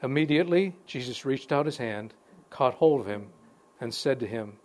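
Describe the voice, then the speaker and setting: Male Bible teacher, mid-range pitch, reads verses and comments loosely, conversational. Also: expressive, a little mellow. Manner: conversational, pauses to comment between verses, restarts phrases. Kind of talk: informal Bible study talk with scripture reading.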